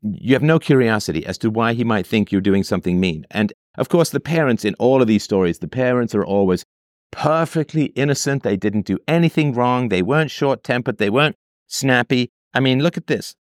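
A man with a medium-pitched, lively voice hosts a commentary, speaking a little fast in a dry, studio-quality recording. Reacting to a listener's letter from a parent, he reads it aloud and argues against it, firing off rhetorical questions and mocking the voices he quotes.

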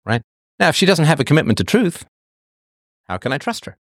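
A talk show host with a slightly high, sing-song voice speaks fairly quickly in a dry, studio-quality recording. Answering a listener, he delivers an emphatic, lecturing monologue, mocking the caller's excuses in raised, quoted voices.

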